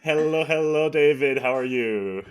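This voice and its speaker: A man's voice: a little high, measured pace, smooth. A man with a French accent co-hosting a podcast, chatting casually, laughing and stumbling over his words. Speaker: podcast co-host. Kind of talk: casual chat.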